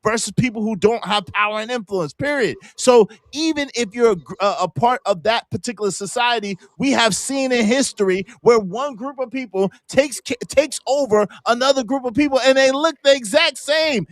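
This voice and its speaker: Animated high-voiced man hosting a debate. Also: no room sound. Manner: animated, talks over others, emphatic repetition. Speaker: show host. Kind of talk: casual podcast debate.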